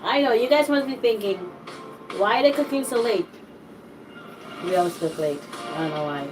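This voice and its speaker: A woman's voice: on the high side, expressive, normal speed, recorded from a distance, over music, rough recording. A woman co-hosting a home cooking channel, chatting while eating and thanking viewers, her voice still a bit worn out from being unwell. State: voice still not fully recovered. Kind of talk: casual chat while eating.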